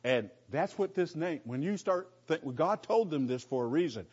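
A middle-aged man leads a conversational Bible lesson, his voice sitting a little high for a man. He hammers home key phrases and fires off rhetorical questions, often restarting mid-sentence. The recording sounds dull and lo-fi. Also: animated, moderate pace, a little mellow, slightly rough. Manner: emphatic, repeats phrases, asks rhetorical questions; restarts sentences, folksy asides. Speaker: Bible teacher.

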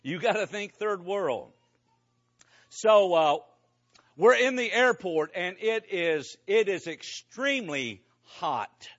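A man preaching to a congregation, telling a lively story about a mission trip with casual asides to the listeners. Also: sits high, takes it slowly, dull audio. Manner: conversational, animated storytelling with asides to the audience. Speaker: preacher giving a mission report.

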